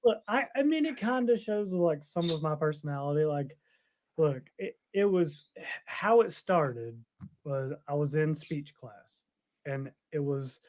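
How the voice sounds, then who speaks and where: A man's voice: a little high, animated, unhurried. Rambling man telling a story. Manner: rambling storyteller, laughs often. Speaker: podcast co-host. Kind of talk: casual chat.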